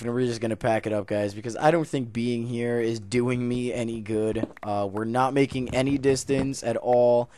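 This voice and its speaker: A young man giving casual commentary while he plays a video game. He goes from low muttering to loud, excited outbursts and then back to chatting. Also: slight background noise. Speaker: gaming YouTuber.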